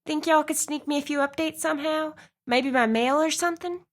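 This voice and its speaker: Woman voicing a friendly young woman, Southern accent, high bright voice, folksy. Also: fairly quick, close to an everyday voice. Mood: pleading. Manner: sweet, chatty and folksy.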